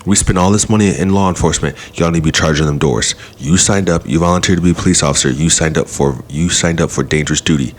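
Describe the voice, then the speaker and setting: Male podcast host with a very low voice, fired-up and argumentative monologue. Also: quick pace, hardly any pauses, slight background noise. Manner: heated, argumentative, rhetorical questions. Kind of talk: opinion rant.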